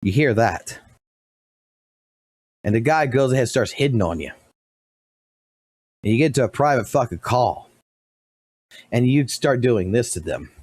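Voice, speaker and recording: A man streaming live commentary, blunt and profane, talking fast and animated. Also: mid-range voice, husky, dry recording.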